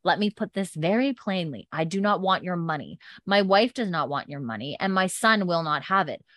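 A woman quoting a proud young husband in outraged, rising protest. The voice sits a little low and dry, close to the mic. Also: animated, normal speed, fairly bright tone, dry recording. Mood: indignant.

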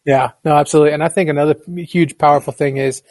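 A man with a somewhat raised pitch speaks sincerely about teaching, measured and thoughtful. His voice is captured dry and up close. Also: fairly even intonation, darkish tone, no room sound. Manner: earnest, reflective. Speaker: teacher and guest. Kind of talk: casual conversation.

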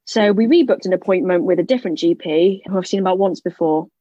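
A young British woman telling a personal story in casual conversation. She is lively and jokey and acts out what other people said. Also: lowish voice, quick pace, no room sound. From United Kingdom. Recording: dull, slightly lo-fi, dry sound.

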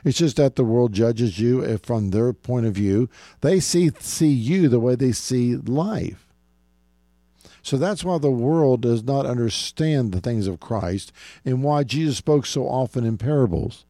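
Mellow-voiced man preaching earnestly. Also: unhurried, no room sound. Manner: earnest preaching with repeated phrases and emphatic pitch swings. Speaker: pastor and Bible teacher. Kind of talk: radio Bible teaching.

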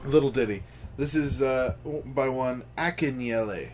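A man's voice: mid-range voice, moderate pace, darkish tone. Hesitant man reading lyrics aloud. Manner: hesitant, self-deprecating. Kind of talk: casual chat, reading out lyrics.

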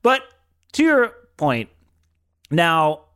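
Animated man recapping a film. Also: fairly high pitch, extremely slow, clean tone. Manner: animated, jokey, recapping plot. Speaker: podcast co-host. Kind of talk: casual chat about a film.

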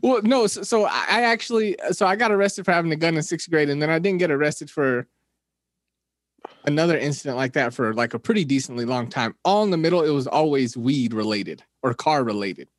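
A young man on a casual podcast telling a rambling story, often restarting and laughing. His voice sits a little high and is recorded dry and close. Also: lively intonation, a little fast, no room sound. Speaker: podcast co-host.

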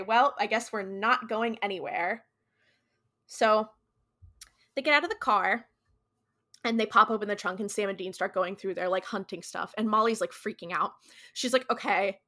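A woman's voice: medium pitch, pushed and bright. A woman co-hosting a podcast, retelling a TV episode in a chatty, slangy way full of "like". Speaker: podcast co-host. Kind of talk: casual episode recap.

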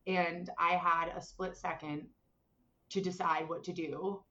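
A woman's voice: fairly low pitch, unhurried. Young philly woman telling a story, lots of likes, acts out the quotes, kinda dull muffled audio. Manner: animated, many fillers, acts out voices in quotes. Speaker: guest telling a personal story. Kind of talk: casual storytelling.

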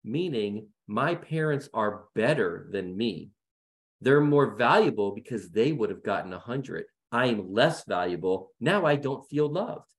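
A man's voice: medium pitch, animated, unhurried. A middle-aged man speaking as a guest in a panel discussion, earnest and emphatic in a conversational way.

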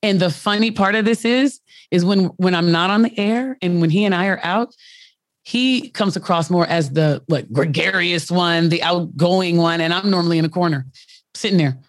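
A woman's voice: fairly low pitch, moderate pace, no echo, studio quality. A woman who hosts a radio show, chatting candidly about her marriage and telling stories with frequent laughter. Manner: candid, storytelling, laughs often. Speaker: radio host. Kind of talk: casual chat.

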